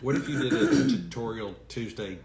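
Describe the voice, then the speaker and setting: A man's voice: medium pitch, wildly swooping pitch, moderate pace, noisy background. A man in his forties co-hosting a live morning show, teasing his co-host and reading out viewer comments. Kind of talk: casual live chat. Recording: echoey room with faint ambience.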